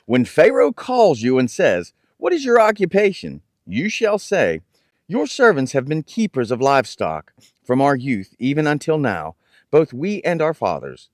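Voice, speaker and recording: Animated, halting male Bible teacher. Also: mid-range voice, no echo, clean studio sound. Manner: halting, repeats words and restarts phrases. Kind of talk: conversational scripture teaching.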